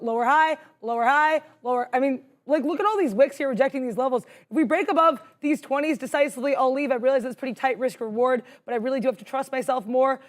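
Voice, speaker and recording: A young woman co-hosting a live trading stream, chatty and self-deprecating, jittery with adrenaline. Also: high voice. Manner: fast, bubbly, self-deprecating. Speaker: co-host and day trader.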